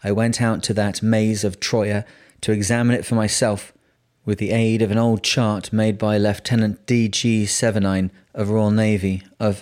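A man with a low voice reads a seafaring memoir aloud. His delivery is steady and measured, telling the story without hurry. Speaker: audiobook narrator.

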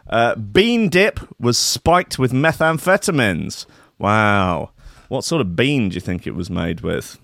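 Male host, casual profane rambler, mid pitch, dry close sound. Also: very animated, takes it slowly, creaky, a bit bright, no echo. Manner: rambling, profane, playful mock-cockney bits. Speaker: show host. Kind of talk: casual comedic monologue with swearing.

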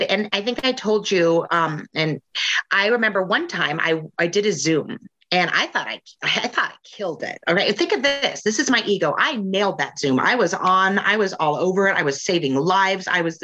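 A woman talking candidly in a casual chat, telling her own stories with lively, acted-out quotes. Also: mid-range voice, normal speed, dull audio. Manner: animated storyteller, acts out quotes in raised voice. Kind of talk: candid personal chat about sobriety.

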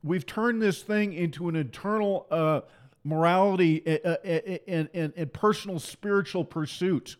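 A man preaching a fiery political sermon to pastors, forceful and repetitive, full of mocking rhetorical questions. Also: sits high, moderate pace, clear, resonant tone.

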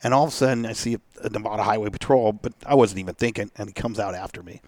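A man's voice: fairly low pitch, fast talker, no room sound. A man tells a story in a casual chat, acting out each person's lines. He laughs often as he goes. The sound is close and dry, with no room around it. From Seattle area. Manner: animated, acts out quoted voices, laughs often. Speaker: guest telling a car story.

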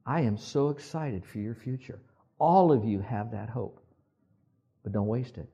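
A pastor preaches a conversational sermon, having listeners repeat words back in call-and-response and checking that they're following along. His medium-pitched voice is expressive, unhurried, warm, and slightly rough, with the highs cut off.

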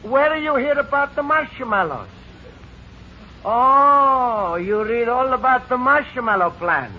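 A man's voice: extremely high pitch, expressive, slow, exaggerated voice. An actor playing a sentimental Italian immigrant man in broken English with an Italian accent, in 1940s radio sitcom acting. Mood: excited, sentimental. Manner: broken English, laughing and emotional. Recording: dull 1940s radio broadcast, faint audience and hiss.

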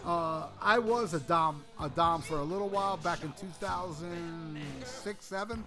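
Man, casual co-host, crude rambling storyteller, slightly raised pitch, music clearly under the talk. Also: unhurried. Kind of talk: casual chat.

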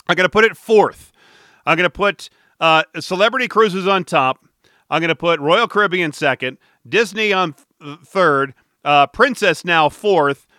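A man hosts a podcast, telling stories in a casual, rambling monologue with an amused tone and frequent self-interruptions. His voice is high, bright, and forceful, recorded dry in studio quality.

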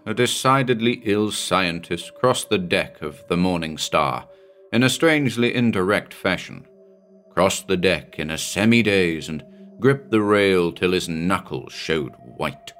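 A man reads a pulp horror tale in a measured, dramatic storytelling manner. His voice sits on the low side. Faint music plays quietly beneath the narration.

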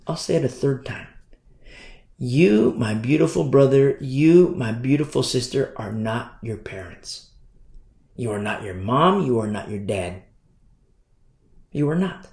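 A male preacher delivering an impassioned sermon, driving points home by repeating them. His pitch rises and falls widely from phrase to phrase. The voice rings out in an echoey room. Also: expressive, measured pace, gravelly, long pauses, a little mellow. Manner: repetitive, impassioned, sweeping pitch swings.

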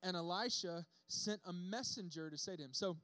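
A man delivers a sermon in a relaxed, conversational way, bouncing into acted-out voices for the people in the story. His voice sits high for a man, and the sound is dry and close with little room echo. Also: normal speed. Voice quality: bearded speaker. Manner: casual, animated storytelling with acted-out quotes. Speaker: preacher.

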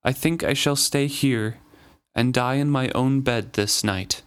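A man reading the lines of a dying old king, betrayed by his son, in a quiet, grave voice. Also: mid-range voice, a little slow, clear, resonant tone, natural voice. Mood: grieving. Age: older.

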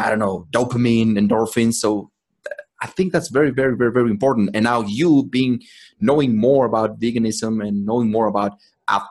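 A man's voice: mid-range voice, darkish tone, breathy edge. A man co-hosting a podcast, talking in a profane, emphatic way and laughing often. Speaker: podcast co-host. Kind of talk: casual chat.

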